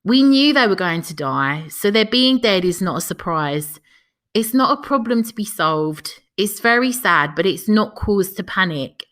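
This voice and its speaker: A woman's voice: medium pitch, expressive, unhurried. Emotional woman podcast host, near tears. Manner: soft, emotional, close to tears. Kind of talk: reading aloud and casual podcast chat.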